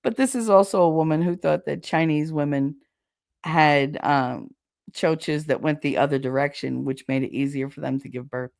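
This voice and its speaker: Woman host chatting, lowish creaky voice, frank gossipy stories, laughs a lot. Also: moderate pace, a little mellow, no room sound, clean studio sound. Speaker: podcast host. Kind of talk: casual storytelling chat.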